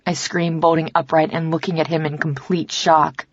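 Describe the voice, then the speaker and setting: Woman, lowish voice, dry and slightly dull audio, first-person romance audiobook narrator. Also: flat delivery, normal speed, dry recording. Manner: acts out dialogue, softer and lower for the male lover.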